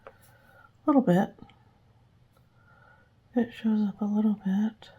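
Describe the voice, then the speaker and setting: A woman host of a journaling channel, whispering softly to herself as she crafts and talks about it. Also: mid-range voice, steady tone, slow, slightly rough, lo-fi sound. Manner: whispers while working with her hands, talks to herself. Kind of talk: soft whispered crafting chatter.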